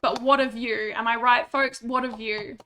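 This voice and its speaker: A woman's voice: a little high, fairly even intonation, moderate pace, bright, forceful tone, a little hiss or hum. A woman streaming a game, chatting casually and mocking herself, swearing when annoyed. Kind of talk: casual gameplay chat.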